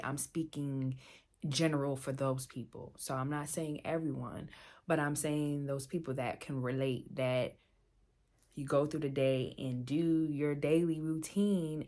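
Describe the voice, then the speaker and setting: A woman with a low voice speaks candidly in a personal vlog. She talks in a heartfelt, repetitive way, leaning on phrases for emphasis. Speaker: vlogger.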